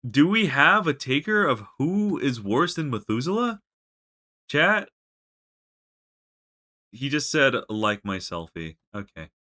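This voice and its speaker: A man's voice: fairly high pitch, very animated, takes it slowly, pauses often, sharp tone. A man livestreaming a game, talking to chat in an exasperated, emotional way, stammering and swearing. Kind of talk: casual live game commentary.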